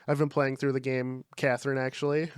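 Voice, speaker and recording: A man's voice: mid-range voice, level tone, fairly quick, clean tone, no room sound, clean studio sound. A young man co-hosting a podcast, chatting in a laid-back way, swearing freely and leaning on fillers. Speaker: podcast co-host. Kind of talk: casual chat.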